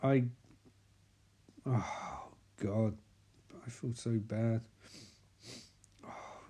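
A man's voice: on the low side, fairly even intonation, very slow, dark tone, breathy edge. A man recapping a film in a sarcastic, sweary, mocking way, with exasperated sighs. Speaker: film reviewer.

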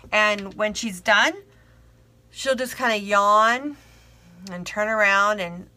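A woman's voice: mid-range voice, bright, forceful tone. A woman telling a personal story in a rambling, frank way with lots of fillers and the odd swear.

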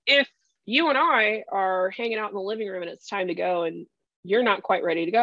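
A woman's voice: mid-range voice, fairly quick, no echo, lo-fi sound. A woman coach being interviewed, chatting casually and acting out little quoted scenes as she explains. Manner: chatty, animated storytelling with acted-out quotes. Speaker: podcast guest, career strategy coach.

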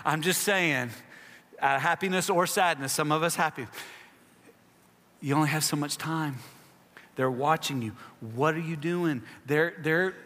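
A man's voice: a little high, a bit bright. A man preaching a sermon to a congregation in a large worship space, emphatic, repeating his phrases and putting questions to the listeners. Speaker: pastor. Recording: long hall reverb.

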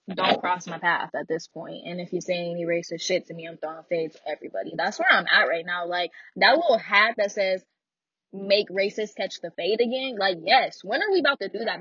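A woman's voice: medium pitch, breathy edge, no room sound, dull audio. A young woman, speaking bluntly and frankly about her own life, often laughing. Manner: blunt, frank and animated, with frequent laughs and asides. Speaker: speaker sharing personal story. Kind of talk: candid personal monologue.

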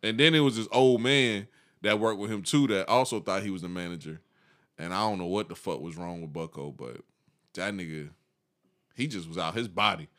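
A man's voice: low-pitched, brisk, a bit bright. A man in his thirties telling a long, profane story in casual chat, laughing and acting out the people in it.

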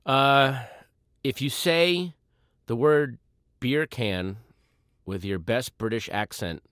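A man, a comedian guest, musing in a dry, deadpan way during a radio interview. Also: medium pitch, takes it slowly, dry recording. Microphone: studio microphone.

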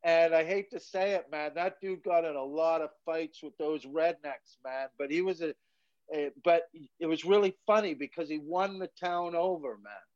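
Brief: male comedian guest from Canada, slightly high voice, rambling profane yarns, dry muffled audio. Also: moderate pace, darkish tone, no room sound. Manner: rambling, profane, says "man" a lot. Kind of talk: casual storytelling chat.

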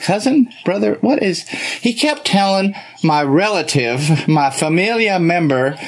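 Man doing a husky Kentucky southern belle, drawling and theatrical, pitch swooping all over. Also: animated, measured pace, exaggerated voice. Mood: flirty, boastful. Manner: drawling, theatrical, calls everyone darling. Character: flamboyant southern belle lady, older, boastful. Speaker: co-host. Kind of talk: improvised comedy live stream.

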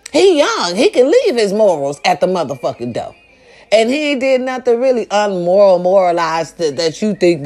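A woman delivering a comedic rant to her viewers, loud and profane, hollering with big swings in her voice. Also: mid-range voice.

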